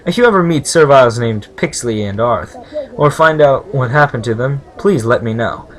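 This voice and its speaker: A man's voice: mid-range voice, animated, moderate pace, lightly acted. A man reading as a formal servile shopkeeper. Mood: matter-of-fact. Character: calm male servile shopkeeper, businesslike.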